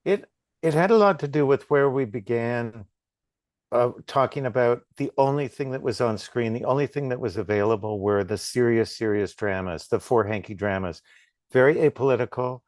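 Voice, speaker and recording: A man's voice: mid-range voice, a little mellow, no echo, studio quality. A middle-aged man, a film director, talking in a casual interview and often restarting his sentences. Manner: halting, repeats words when starting.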